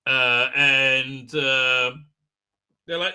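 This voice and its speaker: Guy with a high sharp voice rambling through a sarcastic episode rant, lots of uh uh. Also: expressive, moderate pace. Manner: sarcastic, heavy with fillers and restarts. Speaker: livestream host reviewing a TV episode. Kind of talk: rambling critical commentary.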